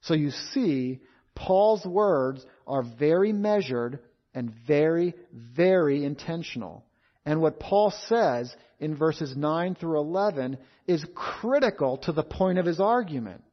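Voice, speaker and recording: A man preaching an expository sermon in a measured, emphatic way, repeating key phrases. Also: fairly high pitch, expressive. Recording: dull lo-fi sound.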